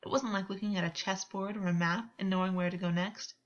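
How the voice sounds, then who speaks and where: Woman reading fanfic out loud, calm and even, bit muffled audio. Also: medium pitch, a little fast. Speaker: audiobook reader. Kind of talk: reading fan fiction aloud.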